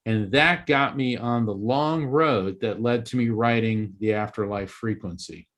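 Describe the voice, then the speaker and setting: A man's voice: on the low side, unhurried, fairly bright tone. A man from Florida, an author guest in an interview, telling a story earnestly and with animation, often restarting his sentences. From East Coast Florida, USA.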